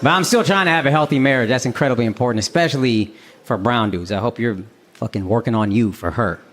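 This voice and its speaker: A man's voice: mid-range voice, quick pace, a bit bright, slight background noise. An American man in his thirties from Texas doing brash, profane stand-up comedy with crowd work, recorded live on stage.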